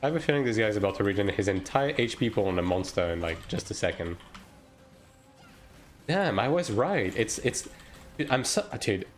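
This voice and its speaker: In this live-stream gaming commentary, a man talks to chat while playing, casual and profane throughout. His voice is on the low side and expressive, at normal speed, with soft music in the background.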